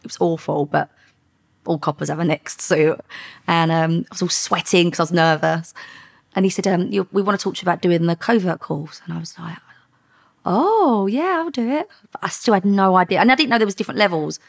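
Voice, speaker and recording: Gravelly woman telling stories. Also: on the low side, quick pace. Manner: lively anecdotes with quoted dialogue, frequent laughs. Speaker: former undercover police officer. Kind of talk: podcast interview storytelling.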